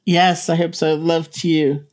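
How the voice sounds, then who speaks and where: A woman hosting a podcast, asking her guest gentle questions. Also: sits low, little pitch movement, a little slow. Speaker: podcast host. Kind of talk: interview questions.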